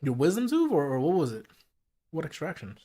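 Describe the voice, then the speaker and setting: A man's voice: fairly high pitch, brisk. A man hosting a casual late-night livestream from home, chatting in loose slang while eating, through a streaming mic with a noise gate. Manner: relaxed slangy chat, talking while eating. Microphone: streaming mic with noise gate and filters.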